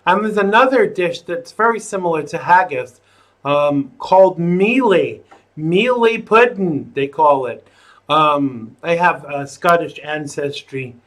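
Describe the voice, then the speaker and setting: A man hosts his livestream in a loose, rambling way, tossing out jokes and asides to viewers. He talks at an unhurried pace, and his voice sits slightly high for a man. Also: fairly bright tone. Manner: rambling, jokey, chatty asides. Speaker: host of a live online talk show. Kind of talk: casual livestream chat.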